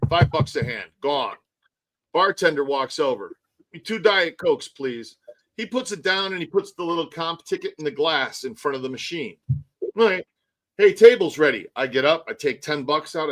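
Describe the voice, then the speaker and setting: A man's voice: on the high side, fairly bright tone, rough recording. A man hosting a live stream, ranting animatedly in casual chat and swearing often. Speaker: tour guide and live stream host.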